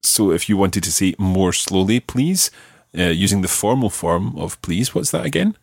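A man hosting a podcast language lesson, patiently prompting a learner and slowing down for example phrases. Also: deep voice, lively intonation, gravelly, breathy edge, no room sound, studio quality. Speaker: language teacher and podcast host.

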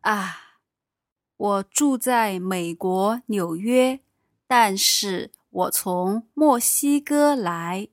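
A woman playing a friendly female conference visitor in a calm practice dialogue. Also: medium pitch, extremely slow, no echo, clean studio sound.

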